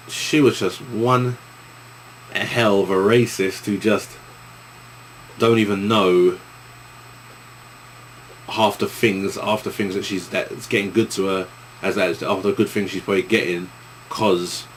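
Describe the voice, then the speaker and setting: A man's voice: sits low, fairly even intonation, a little slow, pauses often, slight background noise. A young man with an East London accent, answering viewer questions in a casual vlog, rambling with many restarts.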